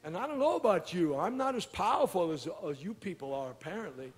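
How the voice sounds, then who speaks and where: A man preaching a sermon as pastor, moving between quiet storytelling and shouted exhortation. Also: high-pitched, animated, brisk, in a large hall.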